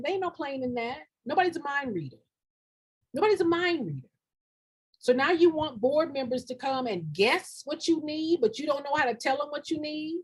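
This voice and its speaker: A middle-aged woman with a high, husky voice coaches nonprofits in a live-streamed motivational talk. Direct and preachy, she repeats lines for emphasis and talks colloquially, dropping y'all and ain't.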